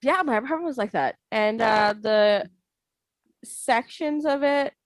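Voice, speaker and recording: A woman's voice: a little high, measured pace, no room sound, rough recording. Rambly giggly woman podcasting, dry close sound, goofy noises here n there. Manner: chatty, giggly, rambling, makes silly sound effects. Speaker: podcast co-host. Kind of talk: casual chat.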